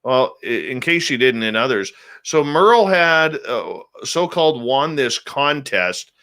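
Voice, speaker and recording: A man's voice: mid-range voice, very animated, a little slow, pushed and bright. A man hosting a radio show, chatting casually with his live viewers, greeting them by name and muttering asides to himself.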